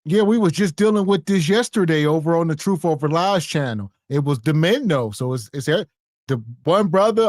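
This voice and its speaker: A man's voice: a little high, lively intonation, normal speed, dry recording, studio quality. A man co-hosting a podcast, commenting bluntly on a video in a casual, mocking way. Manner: blunt, mocking, quotes others. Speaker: podcast co-host.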